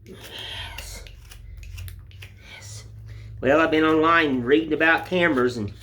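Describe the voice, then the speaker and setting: A man's voice: on the high side, brisk, bright, forceful tone. A middle-aged man, chatting in a folksy, rambling way while whittling, filmed on a phone. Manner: folksy, rambling, plain-spoken. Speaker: woodcarving vlogger. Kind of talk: casual chat while whittling. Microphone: phone camera.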